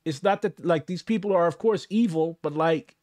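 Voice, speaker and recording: A young man from Missouri giving casual livestream commentary, ranting in a profane, animated way. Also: on the high side, moderate pace, no room sound. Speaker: streamer.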